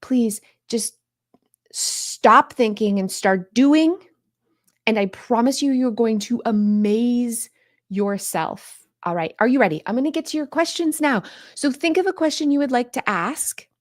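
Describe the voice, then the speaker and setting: A woman's voice: a little high, a little slow, no echo, studio quality. A woman hosting a live stream on home organizing, talking straight to her viewers in an upbeat, coaxing way and answering their questions.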